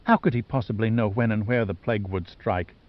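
A man's voice: fairly low pitch, fairly quick, natural voice. A man voicing an angry, frightened woman who snaps back in outrage, in an audiobook. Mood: outraged. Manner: snapping, outraged. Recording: dull lo-fi audiobook recording.

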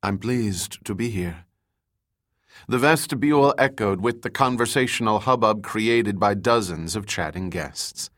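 A man narrating an audiobook in a measured, descriptive reading. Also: lowish voice, a bit bright.

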